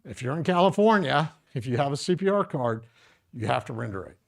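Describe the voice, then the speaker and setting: Gravelly man teaching a first aid class. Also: mid-range voice, very animated, brisk. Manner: casual, joking, addresses audience directly. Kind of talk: live workshop teaching.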